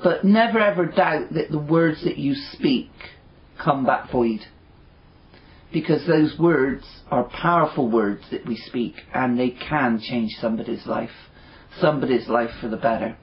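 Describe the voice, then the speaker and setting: In a dull lo-fi recording, a man with a mid-range voice talks unhurriedly to his fellowship. His devotional talk is earnest and informal, rambling with many fillers as he shares encouragement.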